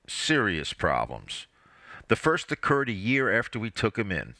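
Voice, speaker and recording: A man reading his own family story aloud, wry and expressive. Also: lowish voice, dry recording, studio quality. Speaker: narrator.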